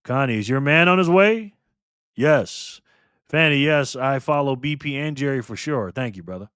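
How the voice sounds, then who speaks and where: A man hosting a casual livestream, reading and answering the chat excitedly. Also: medium pitch, moderate pace, clear, resonant tone, no echo, studio quality. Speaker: livestream host.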